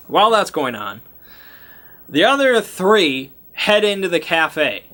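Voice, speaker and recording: A man's voice: high voice, very animated, takes it slowly, fairly bright tone. A young man as game master, casually recapping a tabletop game session in a rambling way, full of "like" and restarts. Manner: rambling, lots of "like" and restarts, chuckling.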